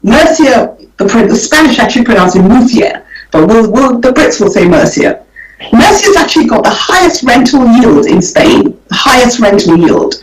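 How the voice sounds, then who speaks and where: A woman with a fairly high, sing-song voice speaks at a moderate pace with few pauses as a guest in a radio interview. She explains property investment in an easygoing way, often repeating words while thinking, and sounds roomy and distant from the mic.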